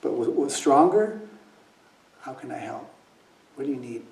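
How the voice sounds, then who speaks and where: A man's voice: medium pitch, expressive, measured pace, a little mellow. Storytelling man in an echoey hall. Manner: storytelling, acts out quoted voices, drops to near whispers. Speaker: meditation teacher. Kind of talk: dharma talk. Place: meditation hall. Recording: echoey room, mic at a distance, faint noise.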